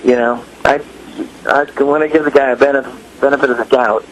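A middle-aged man telling stories in casual chat, animated, acting out quotes in raised voices. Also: medium pitch, brisk, slight background noise, rough recording. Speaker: guest musician.

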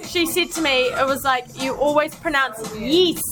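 A woman's voice: high-pitched, normal speed. A woman, a guest chatting playfully and laughing at a hotel bar. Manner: playful and giggly. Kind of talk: casual chat. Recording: music in background.

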